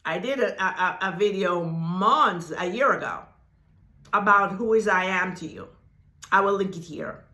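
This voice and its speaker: A woman teaching about spirituality, drawing her words out slowly and repeating them for weight. Her voice is bright and forward, and it carries a noticeable echo from the room. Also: medium pitch, animated. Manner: deliberate, repeats phrases for emphasis, laughs often. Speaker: spiritual teacher and channel host. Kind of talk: slow, emphatic spiritual talk to camera. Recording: echoey room.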